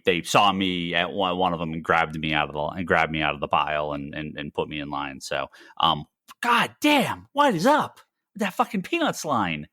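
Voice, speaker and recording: A man's voice: deep voice, pushed and bright, no echo, clean studio sound. A man hosting a podcast in casual chat, rambling with many restarts and swearing freely. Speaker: podcast host.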